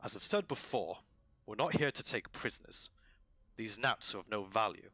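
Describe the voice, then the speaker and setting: A man voicing a cold, scornful blue dragonborn commander in a tabletop game, calm and cutting. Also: lowish voice, normal speed, dry recording.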